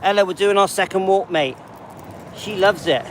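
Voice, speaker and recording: A man's voice: high voice, moderate pace, slight background noise, low-quality recording. A man in his late fifties chatting casually on a livestream while walking his dog, rambling and talking to viewers by name. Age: 50s. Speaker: livestream host.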